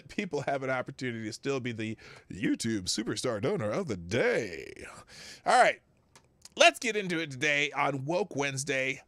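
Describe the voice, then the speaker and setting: A man's voice: mid-range voice, a bit bright, no echo. A man hosting a live stream, greeting chat viewers by name in a chatty, rambling way and chuckling to himself. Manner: chatty, laughs to himself, reads names off chat. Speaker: livestream host.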